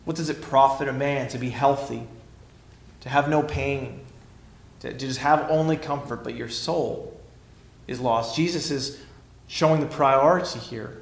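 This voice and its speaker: A male pastor preaching a sermon emphatically, swinging between loud declarations and hushed lines. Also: mid-range voice, fairly even intonation, unhurried, creaky, reverberant.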